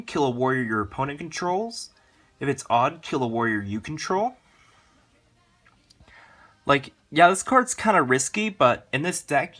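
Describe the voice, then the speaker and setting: Guy running thru his card deck, talks fast n rambles, lots of uhs and likes, medium pitch. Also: fairly bright tone. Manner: rushed, rambling, lots of fillers. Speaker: card game channel host. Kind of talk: casual deck walkthrough.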